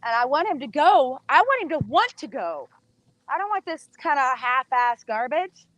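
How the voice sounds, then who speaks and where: A woman's voice: high voice, sing-song, normal speed, fairly bright tone, muffled recording. A woman horse trainer teaching casually while she works a horse, chatting to the viewers and coaxing the horse with praise.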